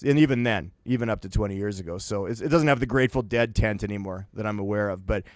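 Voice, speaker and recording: A man's voice: fairly low pitch, fast, no echo, studio quality. Laid-back Canadian man telling a story. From Winnipeg, Canada. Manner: animated, laughing, acting out quoted friends. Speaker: podcast co-host telling a story. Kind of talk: casual storytelling on a podcast.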